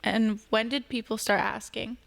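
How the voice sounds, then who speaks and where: A woman's voice: fairly high pitch, fairly even intonation, normal speed, gravelly, a bit bright. A woman hosting a podcast, telling stories in a chatty way and asking her guests questions. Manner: chatty storyteller, asks questions. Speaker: podcast host. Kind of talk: casual podcast chat.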